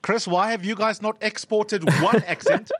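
A man's voice: high voice, fairly even intonation, normal speed, a bit bright, no echo, clean studio sound. A man hosting a radio phone-in, upbeat and brief. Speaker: radio host.

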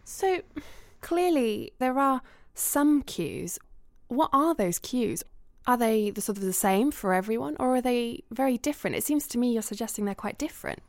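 A woman co-hosting a podcast discussion, presenting in a clear, conversational way. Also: on the high side, expressive, normal speed, darkish tone, no echo, clean studio sound. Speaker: podcast co-host.

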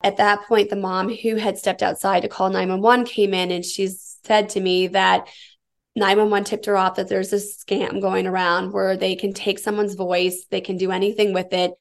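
A woman's voice: mid-range voice, flat delivery, normal speed, vocal fry. A middle-aged woman from the United States, an interviewee tensely and vividly retelling a personal ordeal. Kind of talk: personal account.

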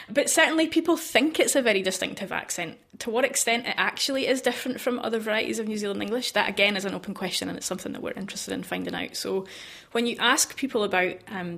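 A woman researcher explains her linguistics work in a radio interview. Her voice sits in a middle pitch, and she talks in a lively, explanatory way and laughs easily. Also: creaky.

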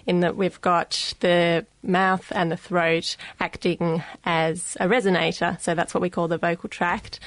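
Low-voiced Australian woman explaining slowly. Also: no echo. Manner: measured, with frequent filler pauses. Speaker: guest expert on the voice. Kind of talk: explaining in a radio studio.

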